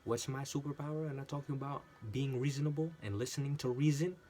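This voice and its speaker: A man telling a workplace story in a casual, animated monologue, often repeating himself for emphasis and swearing. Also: medium pitch, fast talker, slight background noise. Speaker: channel host.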